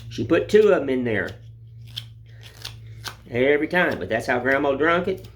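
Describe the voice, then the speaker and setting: A man's voice: medium pitch, lively intonation, normal speed, slight background noise. A middle-aged man, chatting in a folksy, rambling way while whittling, filmed on a phone. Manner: folksy, rambling, plain-spoken. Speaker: woodcarving vlogger. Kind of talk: casual chat while whittling. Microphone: phone camera.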